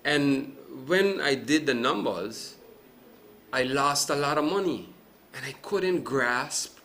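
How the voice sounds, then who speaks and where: Animated businessman explaining, bright voice. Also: mid-range voice. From Sint Maarten. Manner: animated, explains with examples and asks "right?". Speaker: event producer and businessman guest. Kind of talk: live TV talk show interview.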